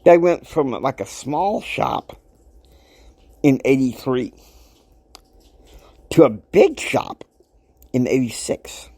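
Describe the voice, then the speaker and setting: A man in his fifties delivers a motivational podcast monologue with a lively, swooping pitch. He talks emphatically and preachily, dropping into quiet asides, then bursting out loud. The sound is dry and close, with no room in it. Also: takes it slowly, long pauses, no room sound. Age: 50s. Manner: emphatic, preachy, swings between soft asides and loud outbursts. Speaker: podcast host.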